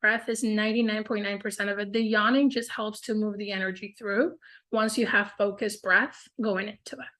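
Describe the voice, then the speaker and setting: A woman's voice: mid-range voice, steady tone, moderate pace, fairly bright tone. A woman hosting a casual group coaching call, upbeat and encouraging, with a lot of "like" and "y'all".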